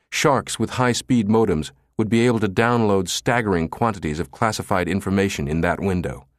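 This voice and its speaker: A man narrating an audiobook thriller in a dramatic, expressive reading. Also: on the low side, no room sound, studio quality. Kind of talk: scripted narration.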